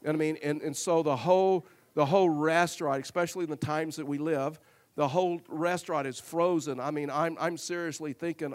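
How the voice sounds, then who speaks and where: A man's voice: fairly high pitch, steady tone, a little fast. A male pastor preaching a sermon, telling a personal story earnestly and with humor, often repeating words as he goes.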